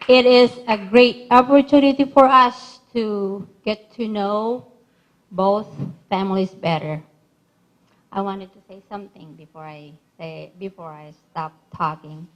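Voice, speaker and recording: A middle-aged woman giving a wedding speech as the bride's mother, halting and emotional, laughing between phrases. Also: mid-range voice, low-quality recording. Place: wedding reception.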